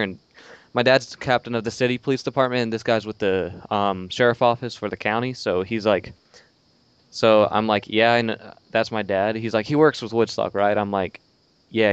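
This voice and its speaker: A man's voice: fairly low pitch, clear, resonant tone, no echo, dull audio. A young man on a podcast, telling a rambling story in casual chat, swearing and acting out the quotes. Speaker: podcast co-host.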